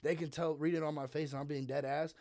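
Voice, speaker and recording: Bouncer type telling war stories; a slightly higher male voice, animated and profane, dry close sound. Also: fast, no echo. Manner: animated, profane, acts out quoted lines. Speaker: bar security guard. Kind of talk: casual storytelling chat.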